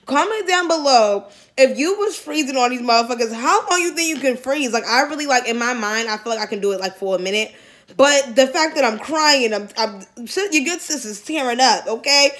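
A young woman from Massachusetts chatting casually on a phone video app, slangy, profane and quick to giggle. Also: high voice, lively intonation, fairly bright tone. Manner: giggly, slangy, profane, talks straight to viewers. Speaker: vlogger.

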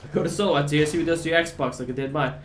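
Laid-back Dutch streamer, roomy sound. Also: male voice, fairly high pitch, racing. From Netherlands. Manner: casual, swears, banters with viewers. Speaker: game streamer. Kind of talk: live gameplay commentary, answering chat. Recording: roomy echo, faint background noise.

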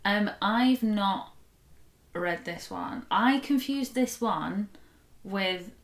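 A woman's voice: medium pitch, extremely slow, reverberant. A young woman co-hosting a book readalong, chatting in a playful, joking way. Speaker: co-host of a book readalong channel. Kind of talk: casual chat.

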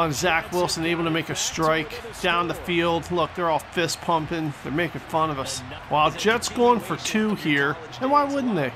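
A man giving excitable play-by-play commentary over a football video game, exclaiming at big plays and mocking the other team. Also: on the high side. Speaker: gaming channel host. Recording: stadium crowd noise from the game behind.

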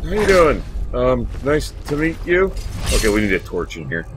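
A man's voice: mid-range voice, big pitch swings, moderate pace, background noise. A man hosting a let's play, giving casual gameplay commentary, chatty and swearing freely as he talks to his in-game companions. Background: video game music.

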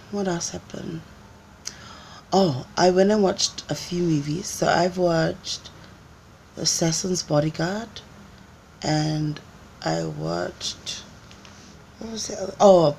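A woman's voice: fairly low pitch, fairly even intonation, slow, vocal fry, pauses often, darkish tone, slight background noise. A woman vlogger chatting casually on a live stream, telling stories and acting out other people's voices. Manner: chatty storyteller, acts out voices, laughs often.

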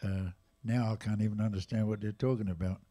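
A man in his eighties with an English accent, casually telling jazz stories at a live museum event, lively and animated in his retelling. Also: fairly low pitch, fairly quick. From England. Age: 80s. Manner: lively, animated retelling with raised voices for quotes. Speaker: jazz drummer and storyteller guest. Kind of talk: casual anecdotal storytelling.

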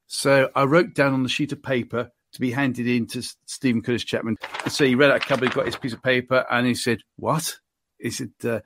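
A man's voice: mid-range voice, expressive, fast, no echo. A man hosting a podcast, telling self-deprecating anecdotes in a casual, chatty way. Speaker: podcast host. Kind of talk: casual storytelling chat.

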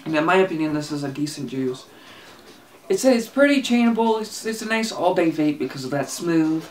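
At home, a casual e-liquid reviewer with a mid-range voice speaks briskly but hesitantly, rambling with lots of fillers and restarts.

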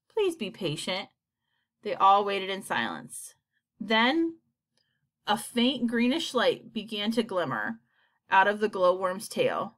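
A woman reading a children's story aloud in an expressive, animated way. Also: medium pitch. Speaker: audiobook reader. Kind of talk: storybook narration.

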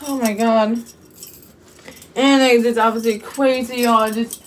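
A woman with a high voice talks casually to her viewers in a vlog. She rambles nervously and circles back to the same phrases again and again. Her voice sits a little away from the microphone. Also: fairly even intonation, a little slow, far from the mic, slight background noise. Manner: anxious, rambling, repeats herself, keeps saying "you guys" and "y'all". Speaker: vlogger. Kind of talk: casual vlog talk to camera.

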